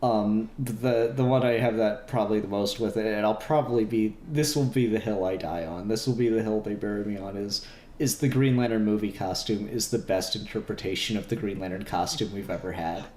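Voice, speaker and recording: A man's voice: on the low side, brisk, a little mellow. A man chatting casually on a podcast, rambling and laughing at his own jokes. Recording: roomy echo, faint hiss.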